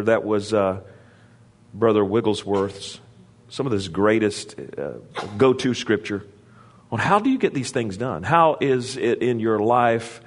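This male preacher has lively intonation and a measured pace. He calls out for congregation responses, rises in pitch for emphasis, and wanders into conversational asides with occasional restarts.

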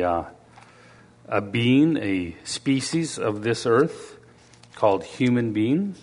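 A man's voice: mid-range voice, in a large hall. Conversational male preacher. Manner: conversational, asks the congregation questions. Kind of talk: sermon. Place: church in front of a congregation.

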